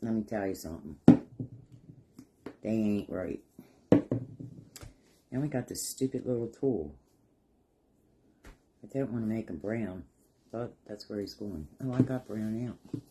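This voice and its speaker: In a very noisy recording, a middle-aged man with a fairly low, slightly slow voice pauses often as he paints a craft project. He tells folksy, wandering stories for his vlog and chuckles as he goes.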